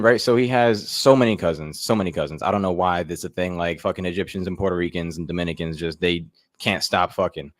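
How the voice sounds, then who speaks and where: A man's voice: low-pitched, no room sound, clean studio sound. Rambling young man doing stand-up. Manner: loose rambling delivery with lots of fillers. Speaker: comedian contestant. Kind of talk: stand-up routine.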